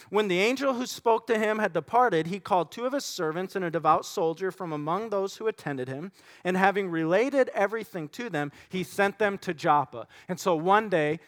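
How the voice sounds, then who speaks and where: High-voiced man preaching a lively sermon. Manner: animated storytelling, acting out voices. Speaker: pastor.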